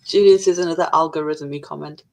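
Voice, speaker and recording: A woman with a slightly low voice co-hosts a relaxed live stream. She reads viewer comments aloud one after another and answers them with dry, jokey asides and the odd mild swear. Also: fast, gravelly, low-quality recording. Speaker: stream co-host reading chat. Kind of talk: casual live-stream chat.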